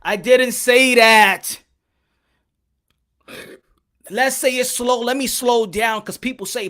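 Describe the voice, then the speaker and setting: A man's voice: very high-pitched, a little slow, hardly any pauses, pushed and bright. A man hosting a boxing commentary channel, ranting his opinion and repeating his points, dragging words out for emphasis. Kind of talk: opinion rant to camera.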